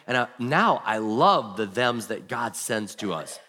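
A man's voice: fairly low pitch, lively intonation, unhurried, sharp tone, in a large hall. A man preaching a sermon as pastor, telling stories and acting out the people he quotes. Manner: storytelling, acts out quoted people.

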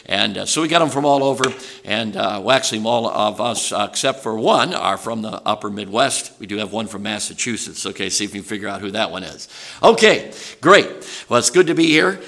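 Bright-voiced Chicago preacher, folksy and chatty. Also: male voice, fairly low pitch, lively intonation, fairly quick, creaky. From Chicago, USA. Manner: folksy, chatty, many "uh"s and "okay"s. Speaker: traveling preacher. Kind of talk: sermon introduction to a congregation.

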